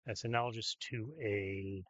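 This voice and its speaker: A man's voice: on the low side, fairly even intonation, moderate pace, fairly bright tone, no room sound. Hesitant male streamer, loose chatty play-by-play, slightly muffled dry sound. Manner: rambling, hesitant, many ums and restarts. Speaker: gameplay streamer. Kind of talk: casual commentary over gameplay.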